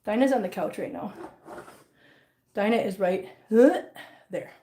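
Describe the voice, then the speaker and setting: This cat channel vlogger speaks in a mellow, mid-range voice at a measured pace, with an echoey room and slight background noise. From her hardwood-floored living room she chats casually and coos at her kittens in sing-song baby talk.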